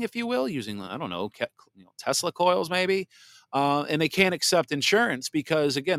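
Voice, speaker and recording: A man hosting a political commentary podcast, blunt and sarcastic, reading viewer comments aloud and sometimes mocking others in a shrill put-on voice. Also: fairly bright tone, no echo, clean studio sound. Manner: blunt and sarcastic, mocks voices in exaggerated falsetto. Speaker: podcast host.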